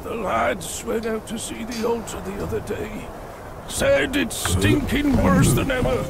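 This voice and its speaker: An actor playing a coarse, menacing demon guard in a video game, with a gruff, barking manner. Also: male voice, very high voice, exaggerated voice. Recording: game audio under loud music.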